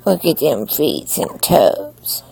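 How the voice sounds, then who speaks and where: A young mother cooing to her newborn at home in soft baby talk, whispering softly and then rising into high squeals. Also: sing-song, slow, gravelly, slightly rough.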